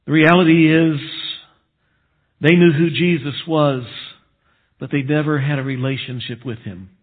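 Man, pastor, slow earnest sermon, husky voice, tinny phone-like sound. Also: fairly even intonation. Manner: earnest, emphatic preaching, drops to a low hush for solemn points.

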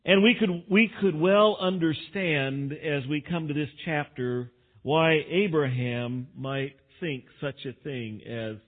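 Slow-spoken pastor, tinny phone-like sound. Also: male voice, on the high side. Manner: unhurried, folksy, with self-deprecating humor. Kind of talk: sermon.

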